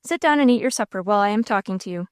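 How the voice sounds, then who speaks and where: A woman's voice: mid-range voice, animated, very fast, clear, resonant tone, no room sound, studio quality, natural voice. A woman reading as Curtis Waring, a cold sneering villain. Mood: cold, probing. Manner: cool, stern, sneering. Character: cold scheming male villain, a young gentleman.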